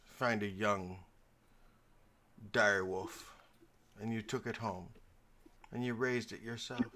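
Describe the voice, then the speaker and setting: A man acting as game master in a tabletop role-playing game, telling stories in a theatrical way with lots of pitch shifts. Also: steady tone, slow pace, pushed and bright. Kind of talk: narrating and voicing characters in a tabletop game.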